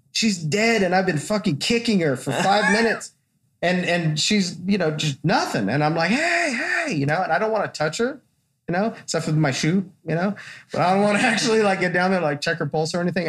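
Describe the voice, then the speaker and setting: A man, a tattoo artist and podcast host, telling a long story in casual, profane chat and acting out the people in it. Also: fairly high pitch.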